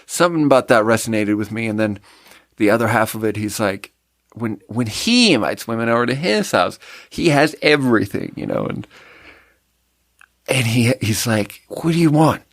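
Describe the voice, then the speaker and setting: A man's voice: fairly low pitch, animated, normal speed, a bit bright, dry recording, studio quality. A man hosting a solo podcast, chatting casually in a rambling, self-deprecating way that trails off and restarts. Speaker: podcast host.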